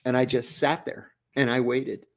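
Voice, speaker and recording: A man's voice: mid-range voice, flat delivery, normal speed, creaky. Male interview guest, mid-range voice, storyteller who acts out dialogue. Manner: vivid first-person storytelling, acting out dialogue.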